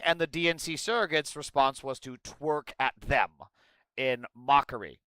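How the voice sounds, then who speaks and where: A man streaming live, reacting to an interview clip and reading out chat messages, talking in an animated way and swearing often. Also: fairly high pitch, moderate pace, clean tone, no echo, low-quality recording. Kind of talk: casual live-stream commentary.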